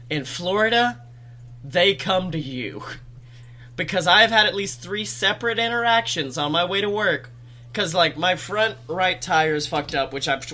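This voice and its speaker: A young man with a high voice, co-hosting a comedy podcast. His tone is bright and sharp. He spins animated, jokey stories in loose casual chat and swears freely. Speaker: podcast co-host.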